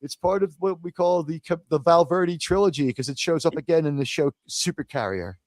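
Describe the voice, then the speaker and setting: A man from the United States hosting a casual live panel chat, animated and jokey, leaning hard on words for effect. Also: on the high side, a little fast, dry recording, clean studio sound. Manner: animated, jokey, theatrical emphasis. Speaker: host.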